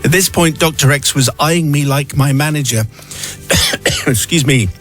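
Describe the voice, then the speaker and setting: A radio host reading a listener's letter aloud in a wry, dryly theatrical storytelling manner. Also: male voice, a little high, unhurried, a bit bright, soft background music.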